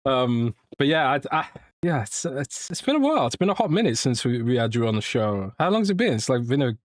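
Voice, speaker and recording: A British man hosts a relaxed podcast chat at an ordinary, middle pitch. He jokes, rambles and restarts his sentences often. The sound is dry and close, with no room echo. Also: a little fast. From Britain. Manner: jokey, rambling, with many restarts and fillers. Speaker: podcast host.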